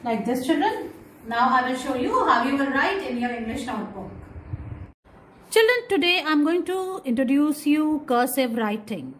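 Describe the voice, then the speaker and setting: High-voiced woman teaching phonics slowly. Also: lively intonation, a little hiss or hum, poor audio. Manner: slow, drawn-out phonics sounds; repeats words and calls out "children". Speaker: kindergarten teacher. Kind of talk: classroom lesson.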